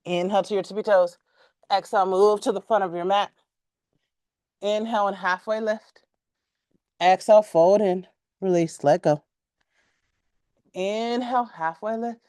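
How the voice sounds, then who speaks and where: A woman teaching a yoga class, giving calm, measured cues timed to the breath and stretching out repeated words. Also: medium pitch, dry recording, studio quality. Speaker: yoga instructor.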